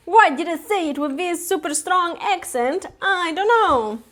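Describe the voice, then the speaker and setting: A woman's voice: very high-pitched, expressive, slow, pauses often. A woman chatting casually and giggling often as she cooks live on a stream. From Italy. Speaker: cooking streamer. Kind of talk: casual live-stream chat while cooking. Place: home kitchen.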